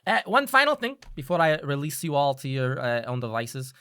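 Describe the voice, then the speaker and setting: A game master narrating a tabletop game, loose and laughing between quick asides. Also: mid-range voice, sing-song, bright, forceful tone, clean tone, no room sound, clean studio sound.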